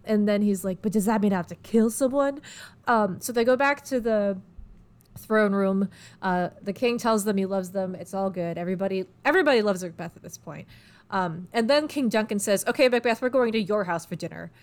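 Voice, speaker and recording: A young woman hosts a casual podcast, talking at a medium pitch. She retells a story loosely and irreverently, giggling often and tossing in quick character voices along the way.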